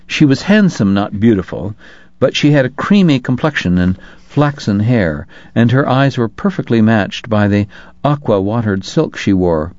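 A man reading an audiobook in a measured, even way. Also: fairly low pitch, no room sound. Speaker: narrator. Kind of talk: audiobook narration. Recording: dull lo-fi dry recording.

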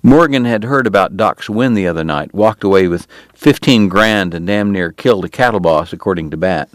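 An audiobook narrator with a low, dry male voice reads scripted narration on a dry recording. His storytelling is even and measured.

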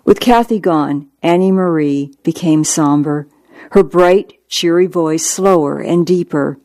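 A hospice doctor reading a first-person memoir aloud, gentle and reassuring in manner. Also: mid-range voice, a little slow, dry recording. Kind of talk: audiobook narration.

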